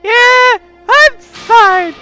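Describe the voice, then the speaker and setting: A man voicing a frightened, panicky teenage girl idol in a strained high falsetto that climbs into shrieking cries. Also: very slow, sharp tone, faint music behind, heavily acted. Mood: distressed. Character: anxious teen girl idol, panicking and trapped.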